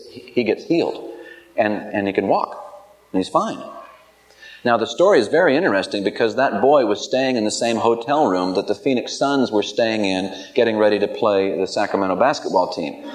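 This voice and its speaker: A man's voice: on the low side, low-quality recording. A male pastor preaching a sermon, telling stories with many restarts and repeated words, growing more emphatic as he exhorts.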